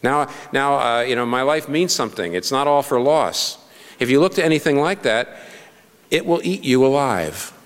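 A man's voice: mid-range voice, expressive, normal speed, big-room sound. A middle-aged man, a pastor, preaching a sermon in an earnest, conversational way, full of rhetorical questions.

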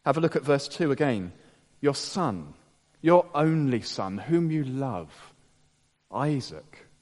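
Man preaching a dramatic sermon in a hall. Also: expressive. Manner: dramatic, slowing to hushed low tones and rising to emphatic peaks. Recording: long reverb of a large hall.

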